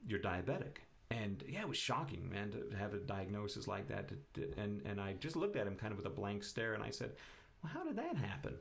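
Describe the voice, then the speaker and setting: A man telling a personal story in casual chat, animated and jokey. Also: fairly low pitch, brisk, vocal fry, hardly any pauses. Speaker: guest.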